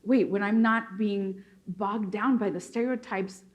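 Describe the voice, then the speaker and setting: A woman from Mexico chats on a panel in an animated, laughing way. She restarts her sentences often and fills the gaps with ums and likes. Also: mid-range voice, unhurried. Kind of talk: casual panel discussion.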